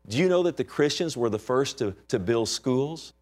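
A man's voice: mid-range voice, animated, moderate pace, a little mellow. A man, a pastor, preaching an emphatic sermon and asking the congregation for amens.

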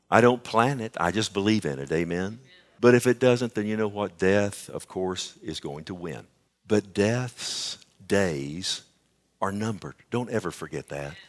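A man preaching a sermon, swinging from hushed asides to loud, emphatic bursts and often checking in with the congregation. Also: low voice.

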